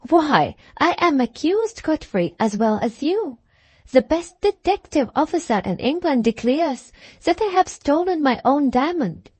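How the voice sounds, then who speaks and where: A frantic young heiress in the grip of hysterics, as a woman narrator puts her on. The voice rides high and shrill, and she pleads and insists with desperate emphasis. The reading is close and dry, with no room sound at all. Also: very animated, unhurried, dry recording.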